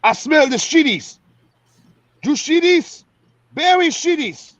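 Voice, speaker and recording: A man's voice: very high-pitched, animated, takes it slowly, a bit bright, no room sound, muffled recording, pitched above the performer's own voice, full character voice. A man voicing a harsh male drill sergeant with a heavy accent, barking insults at a recruit. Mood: mocking.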